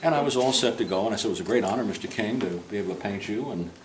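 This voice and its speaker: A lowish male voice talks very fast on a rough recording with slight background noise. He's an older portrait painter guiding a group through a club interior, telling a long, rambling, comic story and acting out quoted voices along the way.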